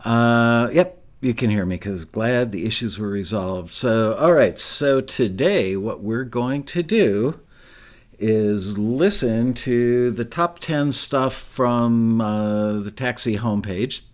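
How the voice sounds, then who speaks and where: A man hosting a live stream, talking in a relaxed, rambling, self-deprecating way. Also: mid-range voice, slow pace. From Southern California. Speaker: show host. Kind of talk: casual live-stream chat.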